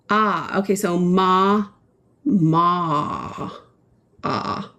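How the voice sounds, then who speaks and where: A woman's voice: medium pitch, expressive, extremely slow, fairly bright tone. A woman hosting a painting livestream, chatting casually and playfully with her viewers, often giggling.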